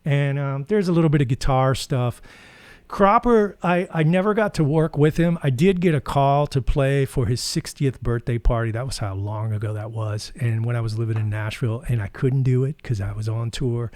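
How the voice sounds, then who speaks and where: A man's voice: mid-range voice, normal speed, a little mellow, dry recording. Dry-voiced man telling rambling stories. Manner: rambling, anecdotal, with many fillers. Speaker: guitar channel host. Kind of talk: casual storytelling.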